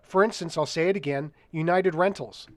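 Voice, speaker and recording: A man's voice: on the high side, a little fast, no echo. A man hosting a casual market chat, reading out listener questions and speaking bluntly with the odd swear.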